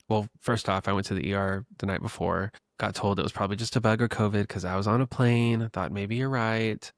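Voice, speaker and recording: Gravelly-voiced man hosting a chatty podcast. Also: on the low side, no echo, clean studio sound. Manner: chatty storytelling, many fillers, addresses listeners as besties. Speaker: podcast host. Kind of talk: casual solo podcast talk.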